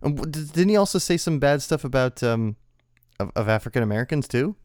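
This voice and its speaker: A man's voice: mid-range voice, animated, fairly quick, a little mellow, no room sound, studio quality. A man hosting a comedy podcast, playing straight man with playful questions and frequent laughs. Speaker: podcast host.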